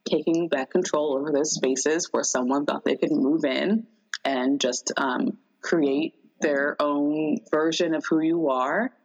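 A woman in casual chat, telling a long dream in a rambling, animated way with many fillers. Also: low voice, takes it slowly, breathy edge, low-quality recording.

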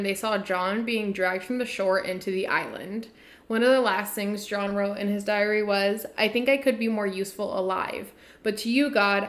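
A woman podcast host from the United States, telling a story in a casual, irreverent way with offhand swearing. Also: medium pitch.

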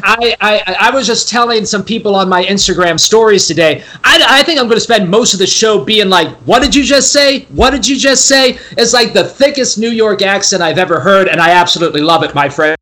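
A man from the West Coast chats as a podcast guest in a high, bright voice. He talks with eager enthusiasm and drops curse words casually. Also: fairly quick, few pauses. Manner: enthusiastic, chatty, swears freely.

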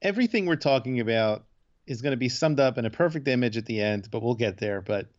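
A man's voice: mid-range voice, lively intonation, fast talker, no echo, highs cut off. A man chatting casually as a podcast host, rambling through a retelling of a TV episode and loosely acting out the quotes. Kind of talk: casual chat recapping a TV episode.

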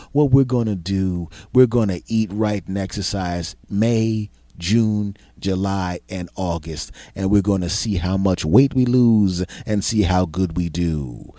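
A man's voice: deep voice, mellow, dry recording. A man hosting a podcast, delivering a profane, self-mocking comedic monologue. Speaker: podcast host.

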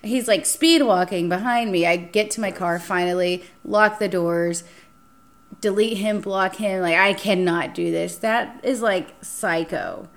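A young woman hosting a casual podcast chat, telling a dating story with lively acted-out quotes and frequent swearing. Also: fairly low pitch, a little slow, creaky. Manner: animated, acts out quotes, swears freely. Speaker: podcast host.

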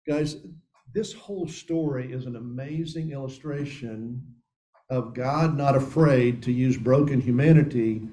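A man's voice: mid-range voice, unhurried, warm tone, low-quality recording. A man leading a men's Bible study, reading scripture aloud and commenting earnestly, calling his listeners guys.

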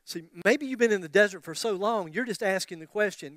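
A man in his fifties delivers a sermon in a strikingly high voice, building with passion through repeated phrases and breaking into joking asides. The sound is dry and close, with almost no room around it. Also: fairly quick, few pauses, pushed and bright, no room sound. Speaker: pastor.

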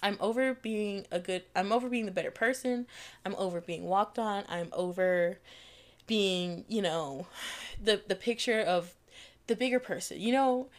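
A young adult woman hosting a podcast, telling a story in a casual, animated and profane way, laughing often mid-sentence. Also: mid-range voice, normal speed. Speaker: podcast host.

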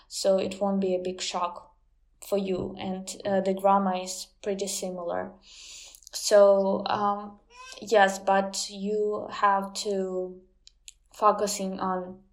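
A woman with a Ukrainian accent, a guest in a casual interview, speaking hesitantly with many ums and uhs. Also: mid-range voice. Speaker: guest, language teacher.

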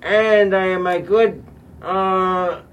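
A man hosting a playful home show, speaking haltingly with many restarts. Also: sits high, steady tone, a bit bright, recorded from a distance, a little hiss or hum. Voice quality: hesitant, halting. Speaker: show host.

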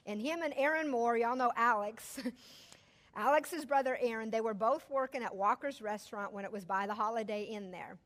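A middle-aged woman, telling a personal story to a church audience in an animated, chatty way and laughing often. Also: fairly high pitch, normal speed.

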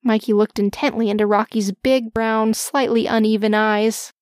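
A woman narrating a children's storybook in a gentle, expressive way. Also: a little high, moderate pace, no room sound, clean studio sound.

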